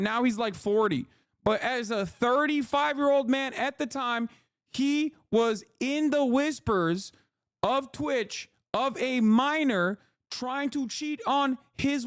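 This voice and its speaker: A man's voice: extremely high pitch, fairly bright tone, no echo, clean studio sound. A man in his thirties, a streamer giving casual, profane, exasperated commentary on news.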